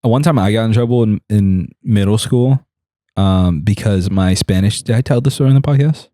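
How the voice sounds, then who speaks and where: A young man co-hosting a podcast, making blunt, deadpan remarks in casual chat. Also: lowish voice, a little fast, no room sound, studio quality. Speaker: podcast co-host.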